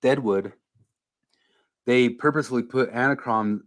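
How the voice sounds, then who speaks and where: A man's voice: medium pitch, unhurried, a bit bright, no echo. A man hosting a casual podcast chat, blunt and opinionated, swearing freely. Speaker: podcast host.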